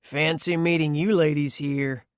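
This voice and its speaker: A woman's voice: deep voice, fairly even intonation, unhurried, no echo, clean studio sound. A woman voicing a burly, smirking man who drawls and taunts. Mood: smug.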